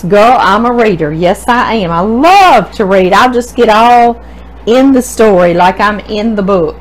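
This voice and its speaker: A woman's voice: medium pitch, animated, unhurried, slight background noise, low-quality recording. A woman with a Southern Louisiana accent, a cooking channel host chatting casually and gushing as she reads viewer mail aloud. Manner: gushing, effusive, calls viewer "girl". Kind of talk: casual chat reading viewer mail to camera.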